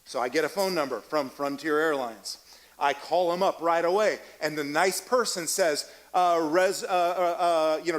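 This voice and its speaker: A middle-aged man preaches to a church congregation in a loose, storytelling sermon. His voice sits high for a man, and he talks in a chatty, self-deprecating way, often restarting sentences and acting out both sides of a conversation. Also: normal speed, rough recording. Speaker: pastor. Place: church sanctuary.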